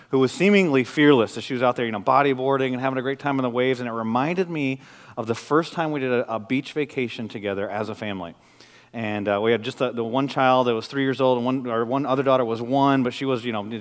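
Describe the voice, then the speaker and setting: A man in his thirties, a pastor, preaching a sermon with lively storytelling and acted-out quotes. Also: on the high side. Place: church sanctuary. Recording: long church hall reverb.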